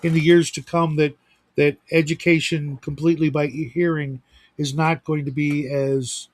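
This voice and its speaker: A man's voice: fairly high pitch, little pitch movement, moderate pace. A man hosting a livestream, chatting casually and rambling with lots of restarts and asides. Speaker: livestream host. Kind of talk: casual chat.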